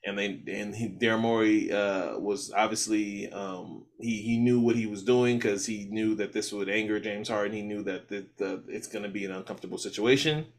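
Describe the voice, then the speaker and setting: A man's voice: lowish voice, moderate pace, few pauses. A man co-hosting a casual podcast chat, laid-back and full of slang, recapping news for listeners. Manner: animated, laid-back slang, quotes others. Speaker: podcast co-host.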